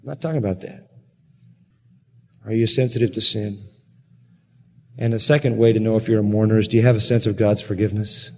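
A male preacher delivers an impassioned sermon, driving home point after point with pointed questions. His voice is dark and mellow, and it rings out with a long reverb from a large church hall. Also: lowish voice, steady tone, brisk, long pauses, slight background noise. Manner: impassioned, full of rhetorical questions.

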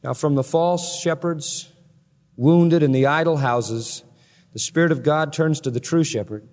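High-voiced preacher man in a reverberant hall. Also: measured pace. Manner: dramatic, swings from loud proclamation to hushed emphasis. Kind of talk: expository sermon.

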